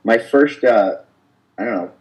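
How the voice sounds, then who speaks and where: A man's voice: fairly low pitch, measured pace, low-quality recording. A man in his thirties, a professional fighter from the United States, telling his story in a casual interview and acting out conversations as he goes. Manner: animated storyteller, acts out conversations.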